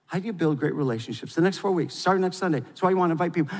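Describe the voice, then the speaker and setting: A man preaching a sermon as pastor, swinging between loud, fervent exhortation and quiet, intimate confession. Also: high-pitched, rapid-fire, hardly any pauses, long reverb tail.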